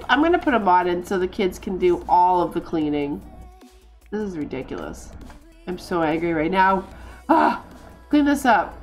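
A woman streamer giving excitable, laughing, exasperated commentary while playing a life-sim game. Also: a little high. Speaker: gaming streamer. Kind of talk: casual gameplay commentary.

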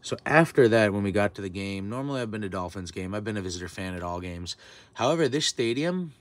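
A man's voice: fairly low pitch, expressive, fast talker. A man in his twenties telling a heated, profane story in a vlog rant. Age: 20s. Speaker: vlogger. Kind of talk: ranting storytime.

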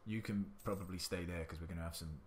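A man's voice: deep voice, fairly even intonation, quick pace, a little hiss or hum. A man giving indecisive let's-play commentary, muttering to himself and swearing now and then. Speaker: gaming channel host.

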